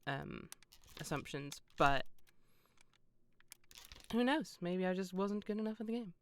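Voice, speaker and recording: A woman's voice: lowish voice, expressive, measured pace, clear, resonant tone. A young British woman streaming a game, chatting casually in a rambling, self-deprecating way with frequent laughs. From Britain. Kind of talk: casual gameplay stream chat.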